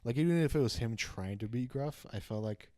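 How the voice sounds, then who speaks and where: A man's voice: mid-range voice, a little fast, darkish tone, no echo, studio quality. A young man co-hosting a casual movie review podcast, hesitant and thinking aloud with frequent restarts. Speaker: podcast co-host.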